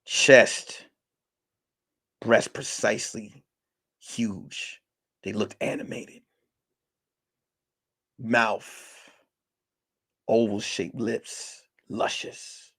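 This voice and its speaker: A male comedian telling a mock film-noir detective story in slow, dramatic narration with crude asides. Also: fairly low pitch, steady tone, fairly bright tone, slightly rough. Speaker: comedian and podcast host.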